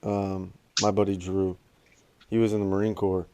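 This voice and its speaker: A man's voice: low-pitched, level tone, normal speed, darkish tone, clear, resonant tone. A man co-hosting a podcast, talking in a laid-back casual way with easy swearing. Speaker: podcast co-host. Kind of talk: casual chat.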